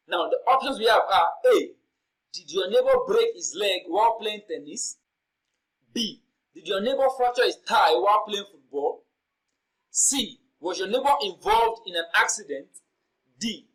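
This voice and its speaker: A man's voice: high-pitched, a bit bright, low-quality recording. Methodical man tutoring. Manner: methodical, repeats key points, reads questions slowly. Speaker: exam tutor. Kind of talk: exam-prep lesson.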